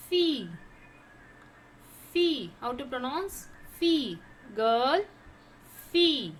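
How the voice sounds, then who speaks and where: A French teacher with a high voice teaches vocabulary slowly, repeating each word several times and asking herself "how to pronounce?". Her tone is a bit bright, and there's a little hiss or hum.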